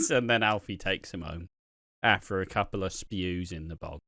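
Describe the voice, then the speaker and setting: A man's voice: low-pitched, moderate pace, pushed and bright, dry recording, clean studio sound. A man, co-hosting a podcast, swearing, laughing and acting out scenes in voices. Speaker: podcast co-host. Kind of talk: casual chat recapping a soap.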